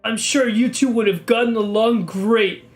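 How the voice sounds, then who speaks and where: A man voicing a grieving mother who speaks in a low, subdued way. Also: steady tone, moderate pace, faint music behind, close to an everyday voice. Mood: mournful. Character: grieving mother at her son's funeral.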